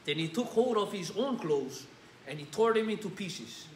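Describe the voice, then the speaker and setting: A man's voice: sits high, lively intonation, moderate pace, roomy sound, slight background noise. A man with a Hawaiian Pidgin-tinged accent preaching casually and reading scripture, tossing in "yeah?" and "bro". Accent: Hawaiian Pidgin-tinged English. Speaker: pastor. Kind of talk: informal sermon with scripture reading. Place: church sanctuary.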